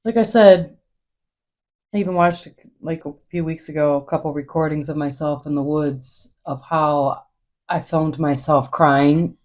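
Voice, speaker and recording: Woman, solo podcast host, low voice, warm tone, candid, rambling, swears. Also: measured pace. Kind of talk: casual solo monologue.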